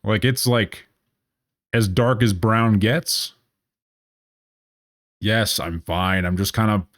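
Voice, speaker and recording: A man's voice: fairly low pitch, dry recording, clean studio sound. A man in his thirties giving casual gameplay commentary as a streamer, sarcastic, rambling and profane.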